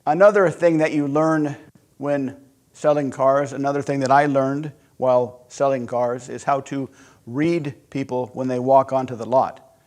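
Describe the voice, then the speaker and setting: A man teaching sales psychology through a conversational, animated personal story. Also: mid-range voice, measured pace. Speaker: sales instructor. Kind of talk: storytelling lesson.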